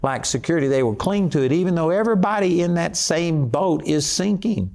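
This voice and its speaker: A man's voice: a little high, expressive, brisk, darkish tone. A man preaching a sermon in an earnest, emphatic way.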